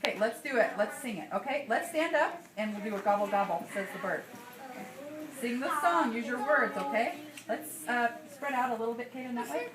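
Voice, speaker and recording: A woman teaching kindergarten, leading the children in song and gently coaxing them into place. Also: fairly high pitch, animated, brisk, crowd noise. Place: classroom. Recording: echoey room with loud noise.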